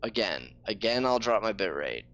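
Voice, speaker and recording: A man's voice: on the low side, sing-song, normal speed, fairly bright tone. A man streaming a game live, ranting in frustration and swearing freely. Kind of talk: casual live-stream talk.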